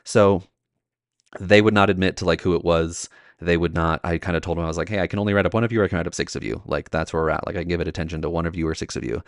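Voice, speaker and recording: A man's voice: low-pitched, fairly even intonation, quick pace, dry recording, clean studio sound. A young man, a teacher hosting his podcast, telling a classroom story in a chatty way with lots of fillers and acted-out quotes. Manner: chatty, many "like" fillers, acts out quoted voices. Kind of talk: casual storytelling monologue.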